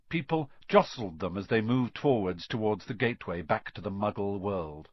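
A man reads a children's fantasy audiobook with lively, expressive phrasing and a voice that rises and falls a lot. The recording is dry, close and a little dull. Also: on the low side, moderate pace, few pauses, dry recording. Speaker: audiobook narrator. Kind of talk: scripted narration.

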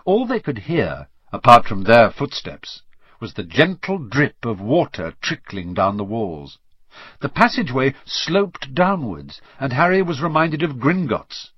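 Husky-voiced man reading a storybook aloud. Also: medium pitch, a little slow, no room sound. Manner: expressive, varied reading. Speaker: audiobook reader. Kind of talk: storybook narration. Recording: slightly dull lo-fi recording.

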